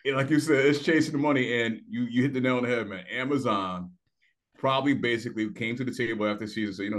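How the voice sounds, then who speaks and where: A man's voice: mid-range voice, fast, fairly bright tone. Male radio co-host, mid-range voice, laid-back chat. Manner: casual, conversational, agrees and adds points. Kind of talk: sports talk radio.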